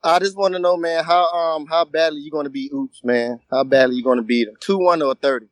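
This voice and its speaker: A co-host with a high voice for a man jokes in slangy casual talk. The sound is close and dry. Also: steady tone, a little fast, no room sound. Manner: joking, slangy. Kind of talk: casual chat.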